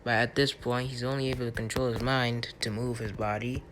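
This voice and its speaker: A man's voice: mid-range voice, little pitch movement, a little fast, a bit bright, slight background noise. A young man rambling casually through an anime fan theory, stumbling over names and leaning on fillers. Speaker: anime channel creator.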